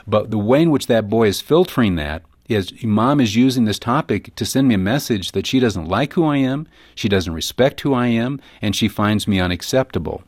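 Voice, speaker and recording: A man being interviewed as a parenting guest, explaining his ideas and telling stories in a lively way, acting out the people in them. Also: lowish voice, normal speed, few pauses, dry recording, clean studio sound. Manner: animated storytelling, acts out quoted voices. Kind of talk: radio interview.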